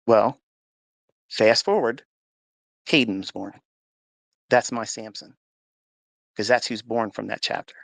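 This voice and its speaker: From home, over a phone in a live audio chat, a man relates an emotional story of faith with earnest emphasis, acting out dialogue along the way. His voice is on the low side, steady, creaky and a bit bright, at a moderate pace with long pauses and no room sound.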